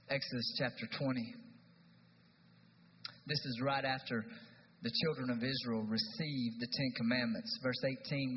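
A youth pastor in his thirties preaching a conversational sermon in a church, moving between hushed and loud. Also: medium pitch. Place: church sanctuary. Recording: dull sound with long hall reverb, faint noise.

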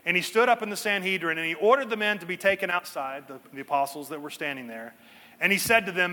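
Bright-voiced man preaching in a hall. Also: sits high. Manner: earnest preaching with dramatic pauses and slowed emphasis. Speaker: pastor. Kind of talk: sermon.

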